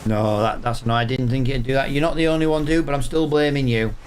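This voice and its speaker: Casual male streamer talking viewers through a game, mid-pitched, faint noise behind. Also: fairly even intonation, fast talker. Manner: chatty, exasperated, talks to viewers. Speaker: gaming streamer. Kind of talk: casual gameplay commentary.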